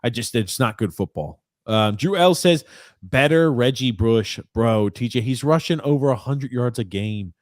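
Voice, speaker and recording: A man's voice: mid-range voice, lively intonation, normal speed, dry recording, studio quality. A man co-hosting a casual sports podcast, teasing his partner and laughing often as he talks. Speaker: podcast co-host.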